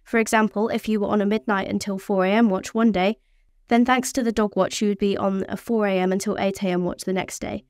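A woman's voice: mid-range voice, fairly even intonation, brisk, darkish tone, no echo, clean studio sound. A teenage girl reading a scripted voice-over for her sailing vlog, in a plain, upbeat storytelling way. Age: teens. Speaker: vlogger.

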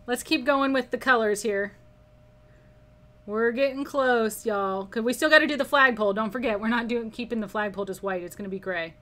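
A woman's voice: a little high, a little fast, sharp tone. A woman teaching a live painting class, chatting casually and reading viewer comments aloud with frequent laughter. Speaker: art instructor. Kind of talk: live painting lesson with chat.

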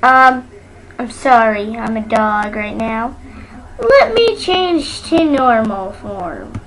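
A woman's voice: a little high, lively intonation, slow pace. A woman making a goofy, playful home video, talking in a sing-song way with noise and clicks behind her. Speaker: vlogger. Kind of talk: silly home video chat. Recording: clear background noise with clicks.

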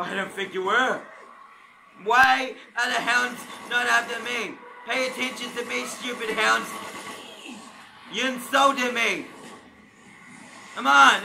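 A man giving loud, mocking gameplay commentary full of swearing and trash talk. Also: extremely high pitch, vocal fry, background noise. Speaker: gamer.

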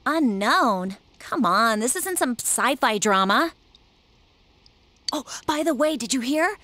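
A woman voicing an excited, gossiping teenage schoolgirl in a video game. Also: on the high side, takes it slowly, no echo, heavily acted. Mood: gossipy.

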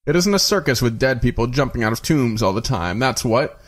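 A man's voice: medium pitch, expressive, brisk, close to an everyday voice. A man voicing an earnest male imam who huffs back at rivals in an audiobook reading. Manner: earnest, huffing retorts. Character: earnest male imam, narrow-eyed and huffy.

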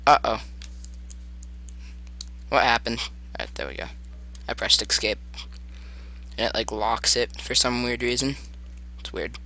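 A man's voice: mid-range voice, a little slow, creaky, long pauses, bright, forceful tone, a little hiss or hum. A man giving jokey let's play commentary and talking to the game. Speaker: gamer.

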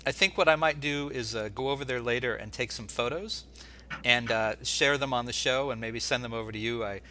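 A man's voice: mid-range voice, a little fast, pushed and bright, a little hiss or hum. A man hosting an interview from his home over a video call, talking casually in a hesitant way, with lots of fillers and restarts. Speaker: interview host. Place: home in Florida.

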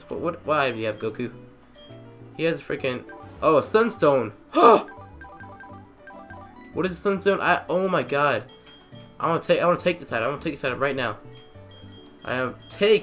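A man's voice: medium pitch, creaky, a bit bright. A young man doing casual let's-play commentary, sarcastic and crude, grumbling at the characters.

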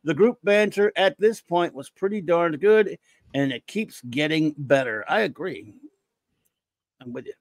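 An excitable man hosting a podcast, rambling through listener reviews and breaking into jokes and the odd shout. His voice sits a little high for a man. The sound is dry, with no room echo. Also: a little slow. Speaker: podcast host. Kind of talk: casual chat reading listener reviews.

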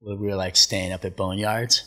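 A surf commentator telling stories in a casual sit-down interview, acting out the quotes and laughing often. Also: male voice, low-pitched, normal speed. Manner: animated storyteller, acts out quotes, laughs often.

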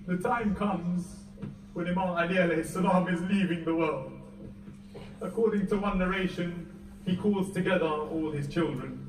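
A man giving a Muharram lecture, reciting a mournful story with deep emotion that swells to near-wailing. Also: moderate pace, background noise. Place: mosque or community hall. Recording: echoey hall, mic heard from a distance.

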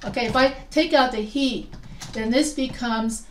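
A woman with a fairly high voice teaches a writing class, chatty and quick to quiz her students. She often breaks off and restarts her sentences. She sounds far from the mic in an echoey room. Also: a little hiss or hum. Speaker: writing instructor. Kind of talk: live class lesson.

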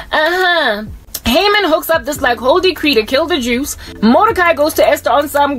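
A woman's voice: high voice, lively intonation, brisk, a bit bright, faint music behind. A woman preaching a scolding video sermon in a fiery, sarcastic way.

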